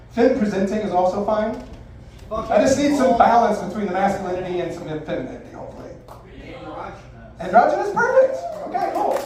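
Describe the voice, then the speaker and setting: High-voiced brash stage magician man. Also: darkish tone. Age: 40s. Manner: brash, profane, theatrical showman. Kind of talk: live comedic magic patter. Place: live bar venue stage. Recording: echoey live room, distant mic, faint noise.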